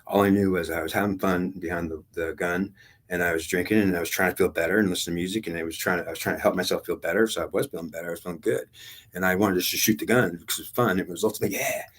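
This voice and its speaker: A man's voice: sits low, steady tone, racing, fairly bright tone. An older man telling his own spiritual experience in a rambling, blunt, repetitive way, with some swearing. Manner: repetitive, blunt and profane, retelling a past experience with strong feeling. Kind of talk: rambling personal testimony.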